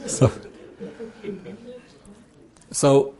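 A man's voice: mid-range voice, animated, normal speed, a crowd in the background. A man speaking as a marriage counselor, teaching with examples and acting out both spouses' words, often repeating and restarting. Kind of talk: teaching talk with acted-out examples.

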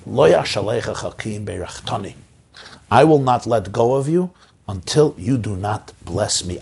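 A man who is a rabbi, giving an inspirational Torah talk to community leaders with an impassioned delivery that leaps up in pitch for emphasis. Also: vocal fry, breathy edge.

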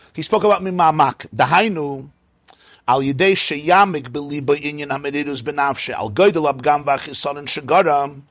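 A man's voice: on the high side, a bit bright, husky, dry recording. A man teaching a Chasidic text class, chanting Hebrew passages in a sing-song, then explaining them animatedly in English. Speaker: Torah teacher.

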